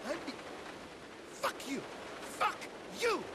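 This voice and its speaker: A panicky whiny cousin. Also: male voice, very high-pitched, animated, normal speed. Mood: panicked. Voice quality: frantic, whiny. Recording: game audio with loud background noise.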